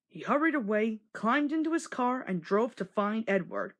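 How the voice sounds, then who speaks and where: A woman narrating a children's storybook read-along in an expressive, storytelling manner. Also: fairly high pitch, moderate pace, hardly any pauses.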